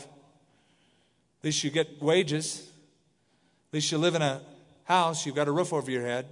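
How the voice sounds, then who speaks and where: A middle-aged man preaches to a congregation, his voice sitting a little high. He reads the scripture and breaks off into casual, animated asides. The sound carries a long reverb from the sanctuary. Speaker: pastor. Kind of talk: verse-by-verse sermon. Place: church sanctuary.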